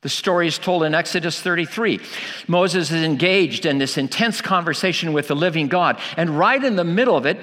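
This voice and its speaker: A man's voice: a little high, animated, normal speed, a bit bright, in a large hall. A man preaching a sermon, emphatic, asking rhetorical questions and repeating key lines for weight.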